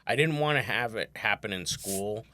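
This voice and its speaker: Bright-voiced male comedian host. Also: fairly low pitch, normal speed. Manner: chatty storyteller, acts out family members in quotes. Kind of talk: casual podcast chat.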